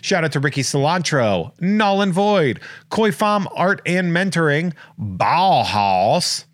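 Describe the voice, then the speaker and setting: A man hosting a podcast in casual chat, joking and rambling through listener shout-outs. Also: fairly high pitch, sing-song, slow pace, no echo, clean studio sound. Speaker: podcast host.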